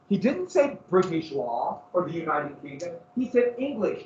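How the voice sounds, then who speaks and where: A male history teacher lecturing a class in lively storytelling style and throwing questions to the students. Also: sits high, moderate pace, hardly any pauses. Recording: echoey classroom from far off, dull lo-fi.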